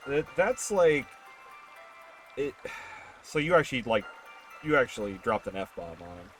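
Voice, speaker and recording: A man's voice: mid-range voice, very animated, a little slow, a bit bright, soft background music. A man streaming a game while telling rambling, self-correcting stories about work. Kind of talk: casual chat while gaming.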